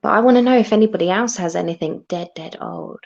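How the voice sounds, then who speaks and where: A woman's voice: medium pitch, quick pace, gravelly, a little mellow. A woman in her thirties from Britain hosts a live stream in loose, casual chat. She is chatty, laughs often and keeps restarting her sentences. The audio is a little dull and lo-fi. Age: 30s.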